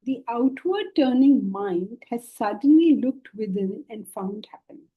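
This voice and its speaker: A middle-aged woman teaching spiritual philosophy to a class, lively and often questioning her listeners. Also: a little high, a little slow, breathy edge, narrow, tinny audio. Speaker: Vedanta teacher. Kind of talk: spiritual lecture.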